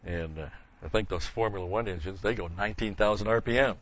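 A muffled lo-fi recording captures an older man teaching Bible study in a lowish, somewhat bright voice at a fast pace. Between explanations of word meanings, he slips into folksy, digressive stories and chuckles.

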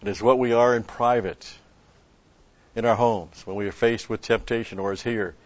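Low-voiced preacher giving a sermon. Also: male voice, steady tone, moderate pace, dry recording, highs cut off. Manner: storytelling with rhetorical questions, chuckles.

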